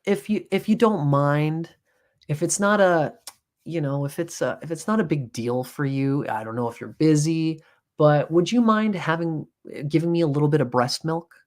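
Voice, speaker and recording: A man's voice: on the high side, normal speed, lightly acted. A man voicing an overly polite newborn baby, hesitant and apologetic, rambling as it asks permission. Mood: meek.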